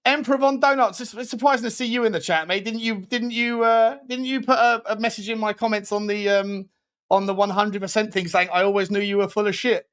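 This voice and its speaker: Young guy chatting on a live stream, a bit high voiced, swears a lot, laughs a lot, reads chat out. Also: steady tone, fairly quick, a bit bright. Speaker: host.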